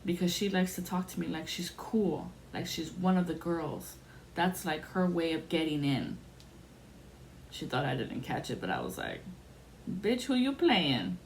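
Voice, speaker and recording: A woman's voice: deep voice, lively intonation, normal speed, creaky, darkish tone. A woman telling a personal story in a blunt, casual way, acting out the voices of the people she quotes. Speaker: podcast host telling a story. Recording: faint background noise.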